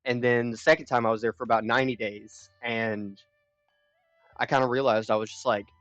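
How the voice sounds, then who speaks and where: Young male streamer, middle pitch, frank swearing storyteller, muffled dry mic. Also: fast talker, a bit bright, no echo, soft background music. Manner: rambling, profane, frank. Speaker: live streamer. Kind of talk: casual storytelling chat. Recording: dull lo-fi stream audio.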